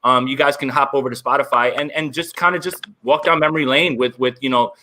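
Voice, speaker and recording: A man's voice: mid-range voice, steady tone, fast, pushed and bright, slight background noise. A man guesting on a sports podcast, upbeat and chatty, with lots of fillers. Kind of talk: casual sports podcast chat.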